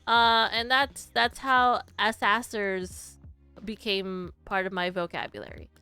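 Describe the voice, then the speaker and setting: A woman's voice: medium pitch, steady tone, slow pace, bright, forceful tone, clear, resonant tone. A young woman streamer chatting casually with her live chat, telling a story and giggling often. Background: faint background music.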